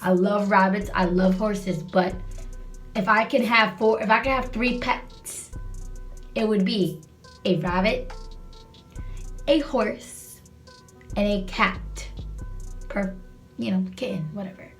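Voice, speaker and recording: A woman's voice: medium pitch, slow, pauses often, faint music behind. A young woman telling a storytime in casual chat, rambling and sassy, swearing freely.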